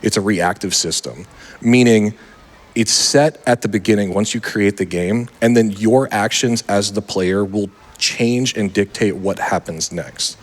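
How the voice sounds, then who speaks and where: Male co-commentator with a lower voice, patiently explaining mechanics during a live run. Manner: explanatory, self-correcting. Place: charity marathon event stage.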